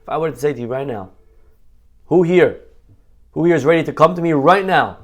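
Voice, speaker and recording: Male rabbi, animated preaching, slightly high voice, acts out quoted voices. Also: a little fast. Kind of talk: sermon. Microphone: online class mic.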